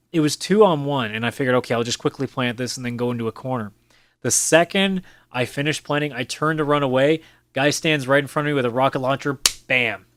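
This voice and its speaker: A man's voice: medium pitch, dry recording. A man hosting a casual solo podcast, talking bluntly with plenty of swearing and sometimes mimicking other players in mocking voices. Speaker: podcast host. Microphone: camera with mic on a desk.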